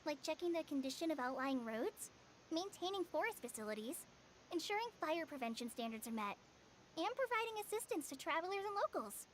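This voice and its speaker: A woman's voice: sits high, big pitch swings, brisk, a little hiss or hum. A woman voicing an earnest young female forest ranger apprentice in a video game, eager to help.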